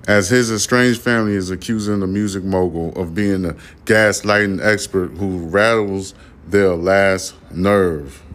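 A man hosting his own commentary podcast, talking bluntly and profanely in a loose, rambling way, rising to heated rants. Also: sits low. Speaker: podcast host.

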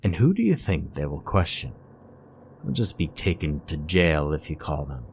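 A man voicing a cold, commanding voice that speaks inside a woman's head in a spoken horror story, low, soft and slow. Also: big pitch swings, slight background noise, heavily acted. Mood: sinister, coaxing. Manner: sternly persuasive.

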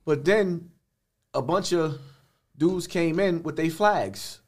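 A man's voice: a little high, takes it slowly. An older man, a podcast guest talking bluntly in street slang with many restarts. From the Bronx, New York. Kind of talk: podcast interview.

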